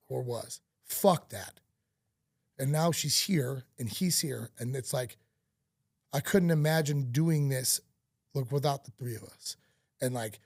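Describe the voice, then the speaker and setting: Man, podcast host, mid pitch, gravelly, candid, heartfelt, dry close sound. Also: a little mellow, no room sound. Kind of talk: casual podcast conversation.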